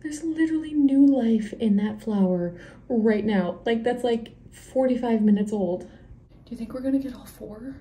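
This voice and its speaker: A woman vlogging from her garden, excitable and out of breath, talking in a rush full of "like" and sometimes dropping to hushed whispers. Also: on the high side, moderate pace, rough recording. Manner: excitable and emotional, lots of "like"; drops to hushed whispers near the nest. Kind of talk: casual vlog to camera. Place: outdoors in a home garden and deck.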